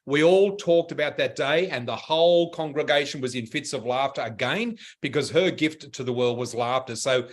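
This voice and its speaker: A man's voice: mid-range voice, moderate pace, few pauses. A middle-aged man co-hosting a radio talk show, telling a story animatedly and laughing often. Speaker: radio co-host. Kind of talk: casual chat, storytelling.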